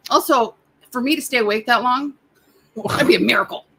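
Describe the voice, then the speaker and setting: A woman co-hosting a live stream, chatting casually and cutting in with quick remarks. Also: on the high side, a bit bright, husky. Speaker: co-host.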